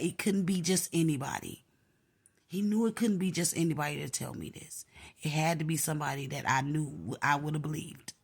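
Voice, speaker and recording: A woman's voice: low-pitched, breathy edge. A young woman with a boisterous voice, telling a personal story in casual slangy chat and acting out what others said. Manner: animated, slangy, acts out other people's lines.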